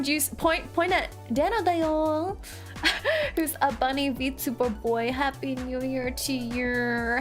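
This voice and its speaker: Woman VTuber host: high voice, unhurried delivery, teasing, prone to excited squeals. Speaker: VTuber streamer. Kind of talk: casual livestream chat, reading chat aloud.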